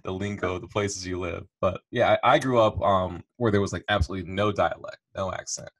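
Chill american guy with a bit of southern twang, lowish voice, laughs a lot. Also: steady tone, fairly quick. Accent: northern American with a slight Southern twang. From northern United States. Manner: laid-back, laughs easily, swears casually. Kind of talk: casual chat.

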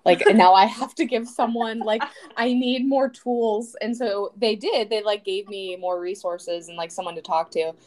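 A woman's voice: mid-range voice, normal speed, hardly any pauses, darkish tone. Young woman rambling in casual chat. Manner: rambling with many likes and restarts. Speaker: podcast co-host.

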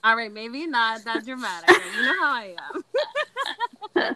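A woman's voice: fairly high pitch, measured pace, a crowd in the background, rough recording. A young woman telling a candid story in casual chat, dramatic and laughing often. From Latin American heritage.

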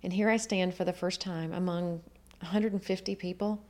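A woman with a slightly low voice and a noticeable gravelly rasp tells a personal story. She speaks in an earnest, reflective way and voices the others in her story as she goes. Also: steady tone, moderate pace, a little mellow. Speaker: guest telling her life story.

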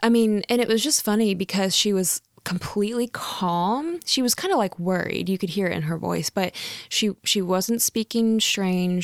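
A woman's voice: mid-range voice, moderate pace, no echo, clean studio sound. A young woman, a real estate agent, telling a story in a casual vlog, chatty with lots of fillers and frequent laughs.

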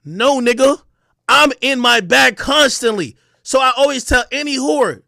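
Brief: trash-talking man, high voice, sharp bright tone, loud boastful rant in a dry room. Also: expressive, measured pace, gravelly, dry recording. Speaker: online personality. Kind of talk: ranting to camera.

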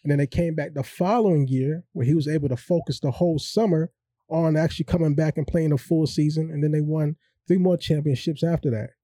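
A man's voice: fairly high pitch, brisk, mellow, dry recording. A man chatting casually as a podcast co-host, laid-back as he argues his point. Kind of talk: casual chat.

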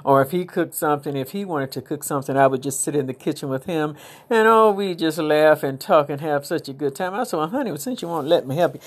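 A woman's voice: low voice, a little fast. A woman hosting her own podcast, talking in a rambling, chatty way with religious phrasing. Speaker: podcast host. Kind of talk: casual inspirational podcast monologue.

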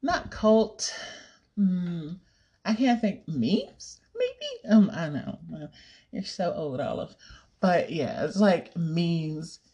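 A woman's voice: on the low side, big pitch swings, slow, mellow. A young woman chatting casually to camera, rambling, giggling and swearing now and then. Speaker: vlogger. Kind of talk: casual chat.

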